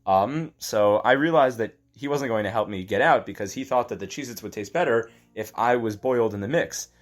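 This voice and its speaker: A man telling an improvised comic story in a deadpan, halting way, full of fillers and restarts. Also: mid-range voice.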